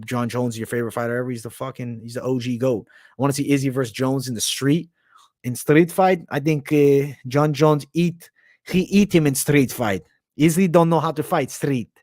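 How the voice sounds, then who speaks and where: A young man rambling on a livestream, cursing freely and tossing out slang in a loose, offhand way. His voice sits in an ordinary middle pitch. The sound is dry and close to the microphone. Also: a little mellow, no room sound. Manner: crude, profanity-heavy slang, rambling. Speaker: livestream host. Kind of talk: casual livestream chat.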